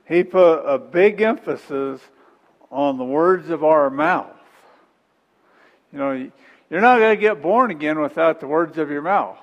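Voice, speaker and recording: A man's voice: fairly high pitch, in a large hall, dull audio. A middle-aged man preaching a sermon in a folksy, conversational way, repeating phrases and chuckling between points.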